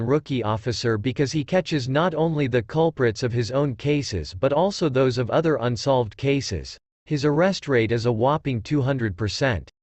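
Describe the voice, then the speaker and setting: A man's voice: medium pitch, a little mellow, no echo, lightly acted. A man voicing a young male rookie police officer who explains things earnestly.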